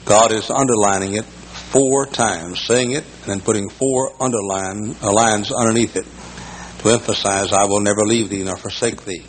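Older folksy pastor with a low voice. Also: male voice, poor audio. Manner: folksy storytelling with slow emphatic repetition. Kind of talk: sermon. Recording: faint background noise in a large church.

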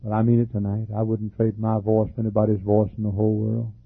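An older man preaching a fervent sermon as pastor, with a husky, troubled voice, frequent coughs and repeated words. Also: fairly low pitch, monotone, quick pace, no echo. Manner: fervent preaching with repetitions and laughs. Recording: dry, phone-like lo-fi recording.

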